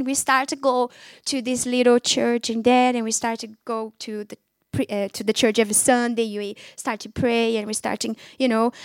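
Brief: woman, high voice, dry close sound, fervent testimony preaching, non-native English phrasing. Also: no echo. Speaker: speaker giving her testimony. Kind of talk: testimony preaching to a young audience.

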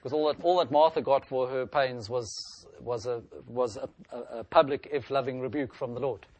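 A man's voice: mid-range voice, moderate pace, a little mellow. A man preaching a sermon in an earnest style, lifting his voice when he reads scripture aloud.

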